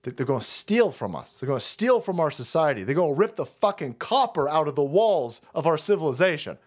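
A man's voice: fairly high pitch, big pitch swings, fairly quick. A man ranting on a livestream, sarcastic and mocking, swearing constantly. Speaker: streamer. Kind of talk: livestream rant.

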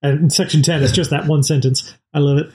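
A man's voice: on the high side, steady tone, a little fast, darkish tone. A man co-hosting a book podcast, talking through story details thoughtfully and with some hesitation. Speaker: podcast co-host. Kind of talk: casual book discussion.

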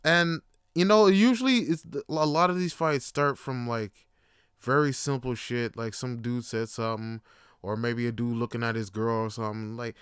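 Smooth-voiced man rambling casually. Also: medium pitch, fairly even intonation, normal speed, no room sound, clean studio sound. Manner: rambling, profane, jokey, slips into impressions. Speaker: podcast host. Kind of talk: casual solo monologue.

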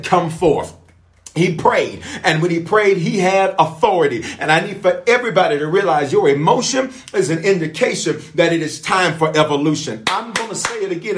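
A man pastor leading a livestreamed prayer sermon, preaching fervently with repeated declarations and calling viewers to type responses. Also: sits high.

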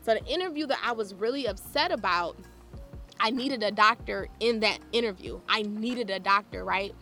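Animated woman host with a bright voice. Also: mid-range voice, normal speed, soft background music. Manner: animated, laughing, acts out quoted exchanges. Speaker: podcast host. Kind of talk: casual storytelling monologue.

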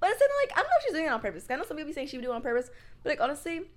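A woman's voice: sits high, rapid-fire. A young woman co-hosting a podcast in casual chat, telling stories full of "like" fillers. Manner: chatty, lots of "like" fillers, animated storytelling. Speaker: podcast co-host.

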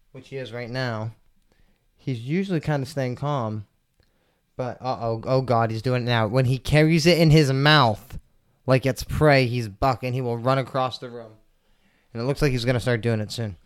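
A stoned man hosts his podcast from a table at home, talking in a loose, rambling, foul-mouthed way. His mid-pitched voice comes through smooth and resonant, close and dry with no room sound around it. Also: moderate pace, no room sound. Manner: rambling, profane, laid-back. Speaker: podcast host. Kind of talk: casual solo podcast chat. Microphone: table mics.

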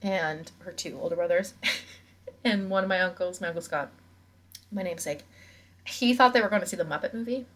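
A woman's voice: lowish voice, fairly quick, pauses often, fairly bright tone. A young woman from New England, co-hosting a podcast in casual chat, rambling and swearing freely. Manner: rambling, swears, laughs often. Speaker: podcast co-host.

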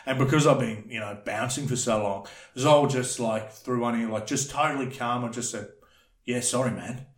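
A man telling a rambling, animated story in casual chat, swearing freely. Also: medium pitch, moderate pace, roomy sound. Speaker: podcast guest telling a story.

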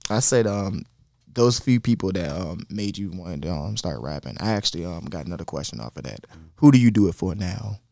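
A man's voice: low-pitched, expressive, a little fast, vocal fry, darkish tone. A man co-hosting a podcast in a playful, joking way, often chiming in with "yeah, right.". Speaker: podcast co-host. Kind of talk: casual joking chat.

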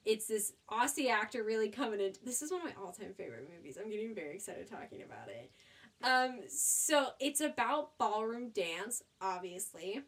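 An excitable woman chats about her favorite movies with a friend on a podcast. Her voice sits at a middle pitch, and she talks in a loose, chatty way, poking fun at herself as she goes. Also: moderate pace, breathy edge. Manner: enthusiastic, chatty, laughs at herself. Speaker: podcast co-host. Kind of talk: casual chat recommending movies.

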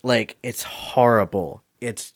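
Guy hosting a chatty podcast, animated, cussing and laughing. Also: mid-range voice, slow pace. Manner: animated, swears, laughs often. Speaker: podcast host. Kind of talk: casual podcast chat.

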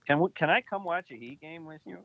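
A man's voice: fairly high pitch, animated, fast talker, creaky, no room sound, phone-quality sound. A young man co-hosting a podcast in casual, teasing chat, often slipping into funny voices. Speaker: podcast co-host.

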